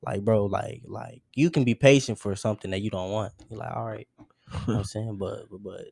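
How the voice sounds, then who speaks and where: A man hosting a podcast in casual chat, halting and searching for words, with many restarts. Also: on the low side, steady tone, vocal fry, a little mellow, slightly rough, no room sound. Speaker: podcast host.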